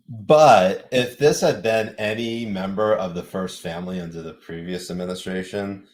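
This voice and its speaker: Podcast host, male, low voice, animated, laughs a lot, casual talk. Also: a little slow. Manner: animated, laughs often, reads news aloud. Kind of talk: casual political chat.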